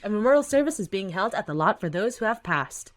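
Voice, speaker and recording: A woman reading a webtoon aloud, voicing a TV news reader with a quick, flat delivery. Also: medium pitch, lightly acted. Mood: newsy. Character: fast, even news reader on TV.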